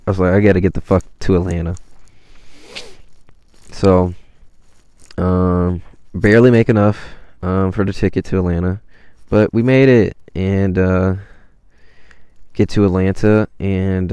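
A man's voice: low voice, mellow, clear, resonant tone, dry recording. A young man casually telling a rambling, slang-heavy story of his travels, swearing often.

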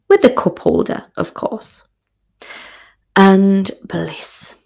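A woman tells a comic personal story, frank and full of swearing. Her voice has a gravelly, creaky texture at a middle pitch. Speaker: podcast host.

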